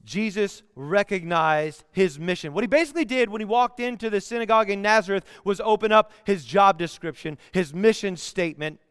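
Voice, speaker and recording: Animated high-voiced preacher man. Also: a little fast, hardly any pauses, clear, resonant tone, dry recording, clean studio sound. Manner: storytelling, animated, bursts into song. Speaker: pastor. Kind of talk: sermon.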